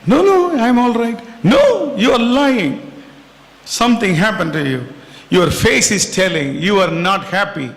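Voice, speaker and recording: A man's voice: sits high, lively intonation, unhurried, gravelly, full character voice. A man voicing a senior manager at work who insists on knowing why a colleague is sad, pressing and repetitive. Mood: insistent. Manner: pressing, repeats himself. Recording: echoey hall.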